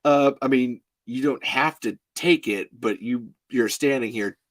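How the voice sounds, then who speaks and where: A matter-of-fact male sheriff serving papers, as quoted by a man telling a story. He speaks plainly at a middle pitch, hesitant and a bit apologetic. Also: measured pace, no room sound, natural voice.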